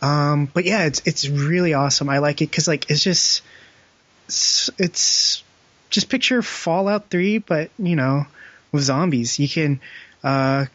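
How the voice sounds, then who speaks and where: A man's voice: on the high side, unhurried, fairly bright tone, no echo. A young man co-hosting a casual gaming podcast, rambling with lots of fillers and frequent laughs. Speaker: podcast co-host. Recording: dull, dry lo-fi podcast audio.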